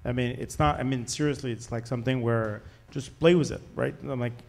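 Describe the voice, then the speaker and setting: A man's voice: medium pitch, fairly even intonation, fairly quick, darkish tone. A man with a French accent, an investor on a startup panel, answering candidly and with jokes, with many "like" fillers. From France.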